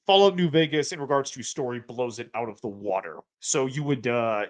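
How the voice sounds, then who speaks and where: A man's voice: brisk, dry recording. Man rambling on a dry stream. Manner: rambling, with restarts and sudden excited jumps in pitch. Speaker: streamer host reading chat. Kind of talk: casual livestream chat.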